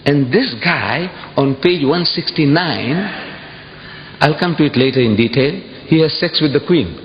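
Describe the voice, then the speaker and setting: A man giving an impassioned public speech to an audience, emphatic and repeating phrases, with sudden high exclamations. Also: animated, measured pace. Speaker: public speaker addressing an audience. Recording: dull echoey hall recording with faint hiss.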